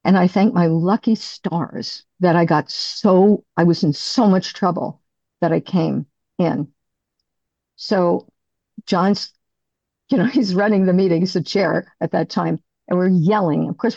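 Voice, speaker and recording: A middle-aged woman giving a candid, halting personal recovery share as a speaker. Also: lowish voice, vocal fry, dark tone, no echo, highs cut off.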